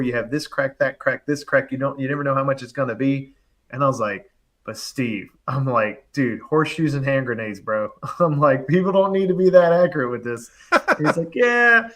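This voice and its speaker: A man in casual conversation, telling a story with lots of energy. He throws in fillers and quick acted-out quotes, and his voice sits at a middle pitch. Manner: animated, fast storytelling full of "like" and acted-out quotes. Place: live online show, remote.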